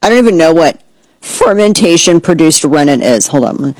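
A woman hosting a talk show, ranting in a sarcastic, animated way and slipping into mocking voices. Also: low voice, moderate pace, no echo, low-quality recording. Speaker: podcast host. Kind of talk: casual opinion commentary.

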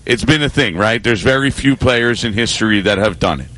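A male sports radio co-host chatting about basketball and telling a family story in a relaxed, conversational way. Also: fairly low pitch, brisk, dry recording, poor audio. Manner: conversational, storytelling, hedged opinions.

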